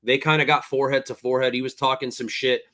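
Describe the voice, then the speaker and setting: A man's voice: mid-range voice, little pitch movement, fast, fairly bright tone. A man hosting a fight recap podcast, recounting the action at length in blunt, profane casual chat. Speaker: podcast host.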